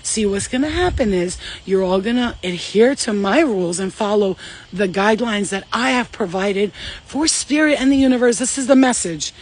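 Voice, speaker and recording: A woman's voice: mid-range voice, lively intonation, normal speed, a little mellow. Rambling profane woman medium. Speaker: spiritual medium. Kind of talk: casual spiritual channeling vlog.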